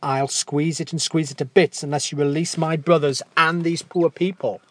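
A man doing a quietly firm young prince. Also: fairly high pitch, fairly even intonation, moderate pace, no echo. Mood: resolute. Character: young prince, quietly resolute boy hero.

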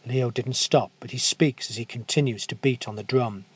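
A man narrating a fairy tale in a gentle, unhurried storytelling manner. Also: medium pitch, fairly even intonation, slightly rough, no room sound.

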